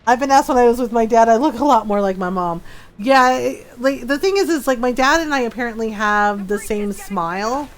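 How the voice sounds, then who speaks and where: A woman's voice: fairly high pitch, a little fast, poor audio. A woman streamer chatting casually while she plays, telling a story from her school days, laughing often and acting out the people she quotes.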